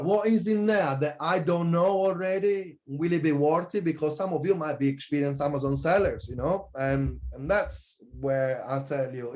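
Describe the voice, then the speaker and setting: An online business coach, a man, delivers an energetic and passionate pitch for his course, frequently correcting himself along the way.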